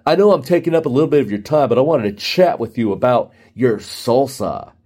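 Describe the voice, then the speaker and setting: A man's voice: mid-range voice, lively intonation, brisk, a little mellow, natural voice. A man voicing an overeager male salesman who keeps pushing to close the deal. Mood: pushy pitch. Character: pushy fast-pitching adult male salesman.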